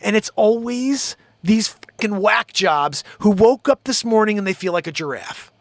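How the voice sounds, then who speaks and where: A man's voice: high-pitched, lively intonation, normal speed, no echo. A man hosting his own show, ranting in a heated, profane, rambling way. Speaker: show host. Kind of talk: live-stream rant.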